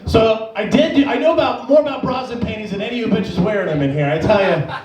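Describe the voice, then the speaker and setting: A man from Las Vegas doing a stand-up set, telling profane stories and yelling out other people's lines. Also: high voice, fast talker, a crowd in the background. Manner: profane storytelling, acts out shouting characters. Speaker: stand-up comedian. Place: comedy club stage. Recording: echoey club, distant mic.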